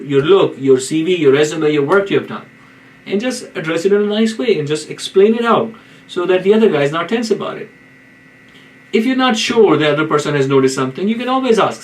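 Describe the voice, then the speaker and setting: Earnest man lecturing with a higher voice. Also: brisk, low-quality recording. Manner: earnest, repeats and restarts phrases. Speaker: neurologist giving career advice. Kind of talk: informal video lecture.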